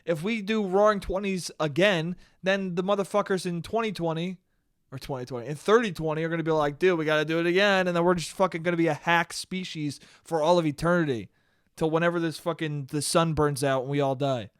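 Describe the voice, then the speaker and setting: A young man rants alone into his podcast mic, swearing freely and turning to his listeners with "dude." His voice sits fairly high. The sound is dry and close, with no room echo. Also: brisk, clear, resonant tone. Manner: profane, animated, talks to listeners as "dude". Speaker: podcast host. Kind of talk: solo podcast rant. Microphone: studio mic he checks the levels on.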